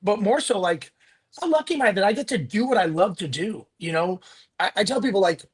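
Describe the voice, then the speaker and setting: A man being interviewed as a business coach, animated and profane, rambling with lots of restarts and "like.". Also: high voice, brisk, breathy edge. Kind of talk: casual interview chat.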